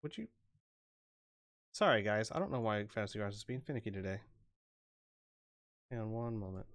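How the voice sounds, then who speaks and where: A man's voice: fairly low pitch, lively intonation, normal speed, no echo. Casual male game master, dry close sound. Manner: casual, thinks aloud while working out rules and dice. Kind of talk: running an online tabletop game.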